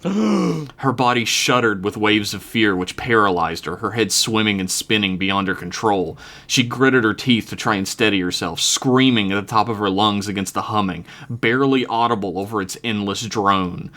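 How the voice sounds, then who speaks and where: A man's voice: lowish voice, moderate pace, bright, forceful tone. A man reading his own story aloud on a podcast, chuckling now and then at his own jokes.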